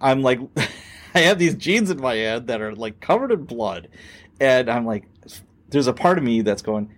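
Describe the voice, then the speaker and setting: A middle-aged man tells a story from his days on the police force in a relaxed podcast chat. His voice sits at an ordinary pitch, and he jumps into the quoted voices as he goes, with the odd swear word thrown in. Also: moderate pace. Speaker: podcast host, former police officer.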